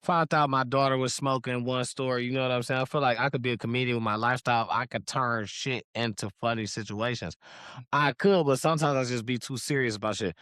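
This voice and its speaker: A man's voice: mid-range voice, steady tone, quick pace, fairly bright tone, clean tone, dry recording, clean studio sound. A man with a Detroit accent, co-hosting a casual podcast and telling stories in a laid-back way, swearing freely. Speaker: podcast co-host.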